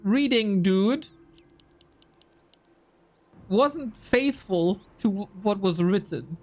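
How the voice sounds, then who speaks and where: A man's voice: sits high, drawn-out words. A young man casting a strategy game live, chatting with viewers between plays and reacting as the match unfolds. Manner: lively, chatty, reacts to viewers mid-commentary. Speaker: esports caster and streamer.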